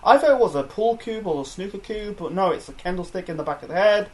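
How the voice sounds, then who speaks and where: Young male reviewer, slightly raised pitch, loose rambling delivery, lots of "you know" and restarts. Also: animated, fast talker, darkish tone. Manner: rambling, many fillers and self-corrections. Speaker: wrestling review host. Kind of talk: casual solo review chat.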